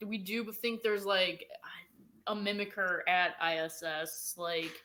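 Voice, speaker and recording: A woman's voice: lowish voice, slow pace, bright, forceful tone. Chatty scattered young woman. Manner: chatty, scattered, acts out quoted voices. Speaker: paranormal investigator guest. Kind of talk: casual chat.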